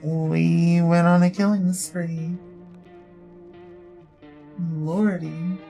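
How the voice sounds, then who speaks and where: A woman streams a game and talks over it in a low, mellow voice. She curses freely and reacts loudly to what happens on screen, with faint game music behind her. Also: level tone, drawn-out words, creaky. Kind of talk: gameplay commentary, reading game dialogue aloud.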